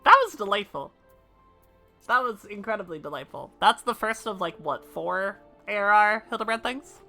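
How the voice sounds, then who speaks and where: A woman livestreaming a game, chatting casually and excitably with her viewers. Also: medium pitch, normal speed, faint music behind. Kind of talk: casual live-stream chat while gaming.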